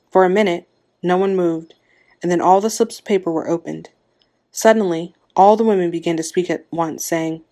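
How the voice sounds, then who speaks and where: A woman's voice: lowish voice, fairly even intonation, moderate pace, a little mellow. A woman narrating a short story, reading aloud and giving the characters' lines small shifts of voice.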